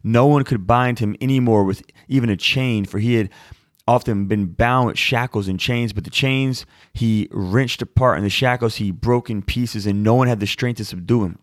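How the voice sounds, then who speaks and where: A man in his thirties reads Scripture aloud, then explains it in a chatty, informal way to answer a viewer's question, using fillers like "like" and "y'all." His medium-pitched voice keeps a moderate pace, with clean studio sound and no echo.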